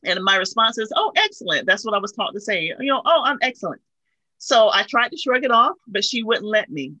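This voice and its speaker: A woman guest speaks with a bright, clear tone, recorded close and dry. She tells a personal story in an earnest, heartfelt way, as a guest on a talk show. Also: mid-range voice, animated, fairly quick, no echo, poor audio.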